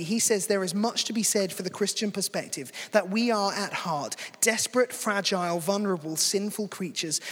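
Man, sermon, high voice, husky, long hall reverb. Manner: conversational and earnest. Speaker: preacher.

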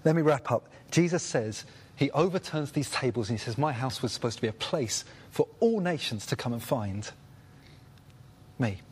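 Husky-voiced man teaching a Bible study. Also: mid-range voice, normal speed. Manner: animated, acts out the voices of people in the story.

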